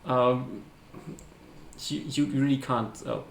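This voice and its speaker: A man's voice: mid-range voice, steady tone, takes it slowly, creaky. A man narrating a tabletop game as game master, hesitant and often searching for words. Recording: echoey room, faint hiss.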